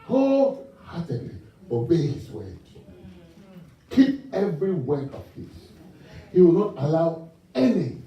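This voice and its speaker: A man from Ghana preaching a sermon in an animated way, asking the congregation call-and-response questions and laughing along with his own stories. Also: high-pitched, measured pace. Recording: distant mic in a reverberant church hall, muffled.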